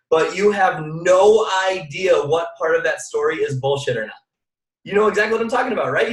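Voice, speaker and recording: A young man delivers a motivational training talk in a fairly high voice, pushing his points with emphatic repetition and direct questions to his listeners. He sounds set back from the mic, and the room throws plenty of echo around him. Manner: energetic, emphatic, repeats phrases, addresses audience directly. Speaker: motivational speaker. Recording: echoey room, mic at a distance.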